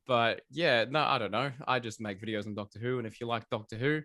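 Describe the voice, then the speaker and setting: A man's voice: medium pitch, fairly quick, pushed and bright, no echo, clean studio sound. A man with an Australian accent, a podcast guest chatting in a laid-back, self-deprecating way. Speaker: YouTuber guest. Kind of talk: casual interview chat.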